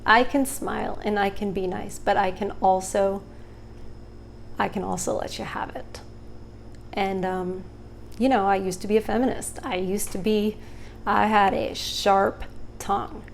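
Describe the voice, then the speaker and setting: A young woman talks straight to camera in an easy, chatty vlog. She tells a personal story with animated energy and slips into quick impressions of the people in it. Her voice sits at an ordinary middle pitch. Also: creaky, slight background noise. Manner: animated, acts out other people's lines in the story. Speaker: vlogger. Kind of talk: casual storytelling monologue.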